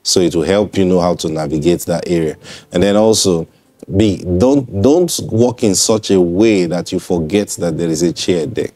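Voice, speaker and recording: A man's voice: low-pitched, moderate pace, dark tone. A man preaching in a broadcast sermon. He speaks conversationally, repeats himself and checks in with listeners.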